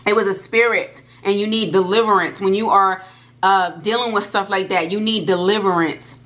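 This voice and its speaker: A woman vlogger telling a personal story to her viewers, animated and repeating herself, talking straight to the audience. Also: mid-range voice, normal speed. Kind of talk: storytime vlog.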